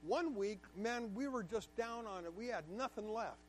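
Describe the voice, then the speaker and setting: Guest speaker, male, higher-pitched, emphatic and candid, personal storytelling to a class. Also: normal speed, a little hiss or hum. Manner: emphatic, candid, repeats words for stress.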